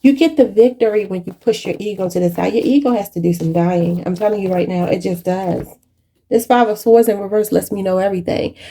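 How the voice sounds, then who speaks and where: A woman with a mellow, slightly husky voice gives a channeled tarot reading. She talks in a preachy, spiritual way and keeps turning to her viewers as "y'all". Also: mid-range voice. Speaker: tarot reader.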